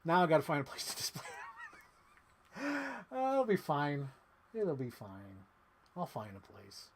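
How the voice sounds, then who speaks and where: A man chatting casually on a live stream while unboxing toys, rambling and excitable with lots of "like.". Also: fairly high pitch, measured pace, slight background noise. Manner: rambling, excitable, heavy use of "like". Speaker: toy collector streamer.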